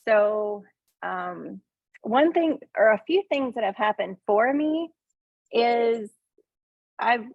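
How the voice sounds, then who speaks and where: A middle-aged woman with a country Southern accent, speaking slowly and haltingly, full of ums and little self-conscious laughs. The sound is thin and tinny, like a phone line, with a dry, close feel. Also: medium pitch, no room sound. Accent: Southern US (Northeast Tennessee). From Northeast Tennessee. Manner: hesitant, lots of ums, self-deprecating laughs. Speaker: farmer, coaching student. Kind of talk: casual testimonial on a video call.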